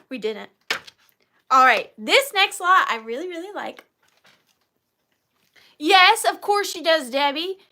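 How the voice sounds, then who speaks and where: A woman's voice: extremely high pitch, expressive, slow pace, long pauses, bright, forceful tone. A woman in her thirties hosting a live vintage sale, chatty and self-deprecating, easily moved to tears. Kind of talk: chatty live-stream selling.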